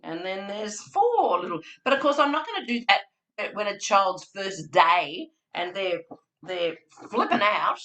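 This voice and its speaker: A woman presenting a childcare training webinar in an animated, theatrical, chatty way. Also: mid-range voice, unhurried.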